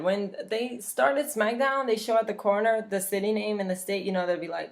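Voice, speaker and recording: A woman's voice: medium pitch, moderate pace, hardly any pauses. A young woman from Louisiana, chatting casually and bluntly, swearing freely as a vlogger. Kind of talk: casual chat.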